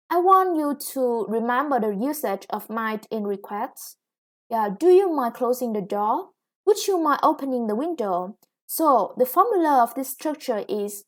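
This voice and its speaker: Slow-spoken Vietnamese-accented woman teacher. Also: on the high side. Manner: slow and explanatory, frequent "yeah" and "okay". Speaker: English teacher. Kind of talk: recorded grammar lesson.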